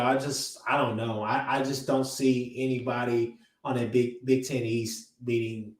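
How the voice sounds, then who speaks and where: Blunt rambling man, echoey and off-mic. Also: medium pitch. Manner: blunt, rambling, with many restarts and filler words. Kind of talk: casual sports talk. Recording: roomy echo, distant from the mic.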